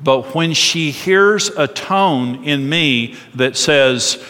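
Man preaching, middle-aged, slightly high voice, earnest, long hall reverb. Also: slow, hardly any pauses. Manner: earnest preaching, drops soft and low for quoted tender words. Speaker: pastor. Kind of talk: sermon.

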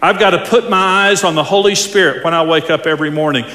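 A man preaching a sermon with emphatic delivery, swinging from hushed asides to loud bursts. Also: fairly high pitch, fast talker, reverberant, in a large hall. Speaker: pastor.

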